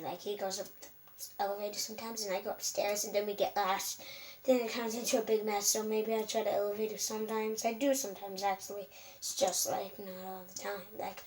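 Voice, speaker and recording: A woman's voice: mid-range voice, a little mellow. A female vlogger telling a casual storytime, rambling and restarting her sentences with many fillers. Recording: voice from a distance with faint background hum.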